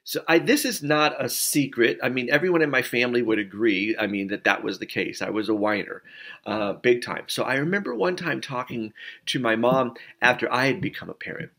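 A man's voice: medium pitch, brisk, vocal fry, sharp tone. A middle-aged man, a pastor, giving an informal sermon as a story with many fillers and restarts. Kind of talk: conversational sermon.

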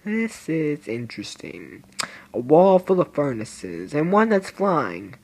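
Big pitch swings and a breathy edge mark this slow-talking young male voice. The speaker, a teenage gaming video maker whose voice is breaking, offers casual play-by-play in a goofy, rambling way, jumping into squeaky silly impressions.

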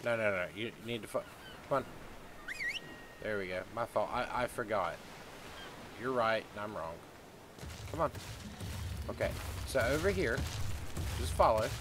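A man's voice: fairly low pitch, animated, measured pace, pauses often. A man doing in-character game roleplay, coaxing and cheering on his pet creature. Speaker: roleplaying gamer. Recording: loud game wind and ocean noise.

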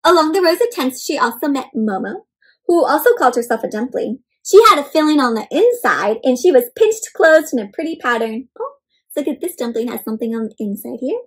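A woman reading a picture book aloud to children, animated and often asking her young listeners questions. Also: sits high, brisk. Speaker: children's storyteller. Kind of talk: interactive read-aloud for kids.

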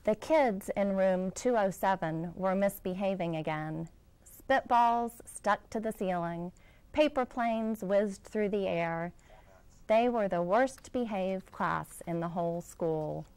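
A woman, a school director, reading a children's picture book aloud in a gentle storytelling manner. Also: medium pitch, slow pace, clean tone, low-quality recording.

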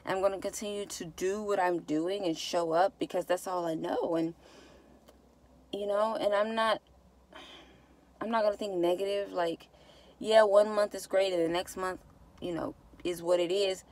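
A woman's voice: medium pitch, fairly even intonation, moderate pace, a little mellow. A woman talking to her viewers in a casual vlog, heartfelt and repetitive, close to tears. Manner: heartfelt, repeats herself, says y'all. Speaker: vlogger.

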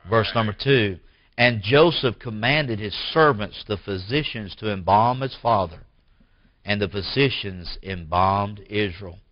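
Emphatic low-voiced preacher. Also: male voice, unhurried, no room sound, dull audio. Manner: preaching with rising emphatic bursts and drops to near-whisper. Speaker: pastor. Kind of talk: sermon. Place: church.

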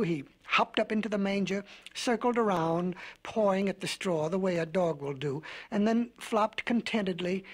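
A man narrating a storybook record in a gentle, whimsical, folksy way. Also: sits high.

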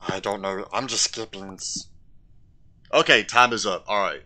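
Bright-voiced joking man gaming. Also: lowish voice, moderate pace, a little hiss or hum. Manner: jokey, plays with voices. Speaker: game streamer. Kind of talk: casual gaming chat.

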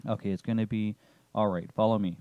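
A man voicing a patient, gentle female nurse in a narrated story. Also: lowish voice, steady tone, brisk, no room sound, narrow, tinny audio, lightly acted. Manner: soothing. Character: kind young woman nurse, patient and gentle.

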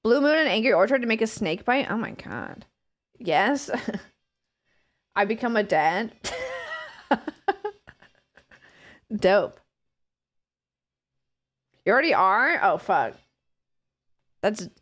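A woman's voice: medium pitch, expressive, slow pace, long pauses, fairly bright tone. A woman in her thirties chatting casually with her stream, giggling often and swearing freely. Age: 30s. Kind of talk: casual live-stream chat.

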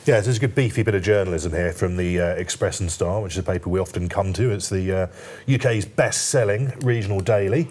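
A man's voice: low voice, fairly quick, a little mellow, slightly rough. A male journalist guest on a TV newspaper review, talking in stops and starts with a light joking tone. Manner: hesitant, many fillers and restarts, lightly joking. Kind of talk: studio discussion.

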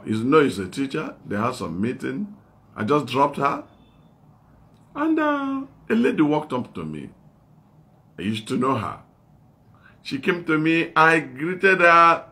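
A man's voice: on the high side, bright, forceful tone. A middle-aged male evangelist preaching a sermon, asking emphatic repeated questions and telling his stories in a plain, unscripted way.

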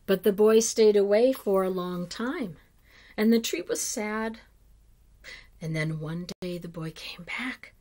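Female children's story reader, unhurried, very lively melody, hushed moments. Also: medium pitch. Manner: slow, expressive storytelling with drops to a hush. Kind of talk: reading a picture book aloud.

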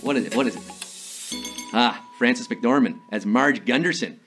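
A man's voice: mid-range voice, animated, moderate pace, over music. A man hosting a live trivia game show, reading questions with playful jokes and theatrical asides. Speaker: quiz show host.

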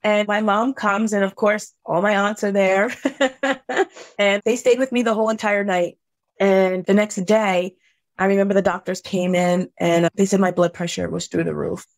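A middle-aged woman, a podcast guest, telling a painful personal story in an earnest, heartfelt way, halting at the hardest moments. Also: mid-range voice, fairly even intonation, no echo.

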